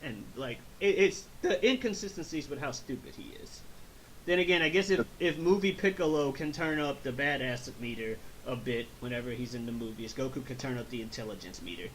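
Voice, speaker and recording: A man hosting a casual movie review chat, animated, swearing freely and acting out scenes. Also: medium pitch, fairly quick, a little hiss or hum, low-quality recording. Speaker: host.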